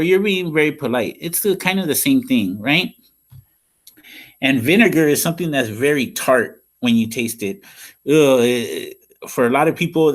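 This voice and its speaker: A man with a slightly high-pitched voice teaches young children as a school counselor. He talks in a patient, sing-song way and keeps checking in with a quick "okay?". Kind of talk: classroom lesson for young children.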